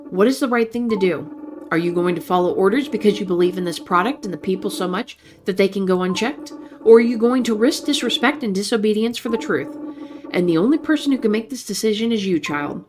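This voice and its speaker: A woman's voice: mid-range voice, lively intonation, fairly quick, natural voice. A woman voicing a doting grandmother who talks tenderly and coaxingly, calling her grandson baby and child, while reading interactive fiction aloud. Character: doting, folksy grandmother on a nightly phone call.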